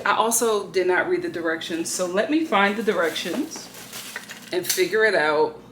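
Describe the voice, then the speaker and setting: Sharp in tone and on the low side, this woman's voice carries a little hiss or hum. She unboxes something at home in a casual vlog, exclaiming and grumbling to viewers amid roomy echo and faint background ambience.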